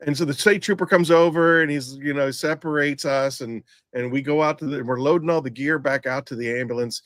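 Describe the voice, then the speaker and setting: A man's voice: a little high, a little fast, hardly any pauses, dry recording. A middle-aged man, a former EMT, telling a blunt story in casual podcast chat, rambling with many restarts. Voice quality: rambling, frequent restarts and fillers.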